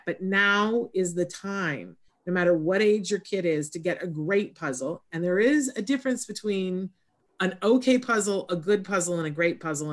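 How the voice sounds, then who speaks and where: A woman with a slightly low voice hosts a relaxed interview chat. She talks in an unhurried, reflective storytelling way, circling back and restarting her phrases now and then. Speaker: host.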